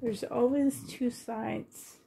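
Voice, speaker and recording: A woman's voice: fairly high pitch, fairly even intonation, slow pace, vocal fry, mellow, a little hiss or hum. A woman collector gushing with delight as she unboxes reborn dolls for a vlog.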